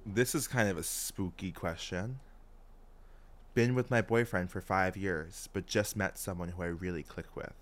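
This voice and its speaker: A man co-hosting a podcast, chatting casually in a playful, teasing way. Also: low voice. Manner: playful and teasing, quick asides. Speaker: podcast co-host. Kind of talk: casual comedic chat.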